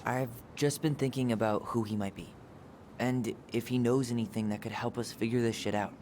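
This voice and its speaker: A man's voice: medium pitch, fairly even intonation, normal speed, darkish tone, slight background noise, lightly acted. An actor voicing a wry, sarcastic young man in a video game, with a dry joking delivery. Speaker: game character. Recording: game audio with clear music behind.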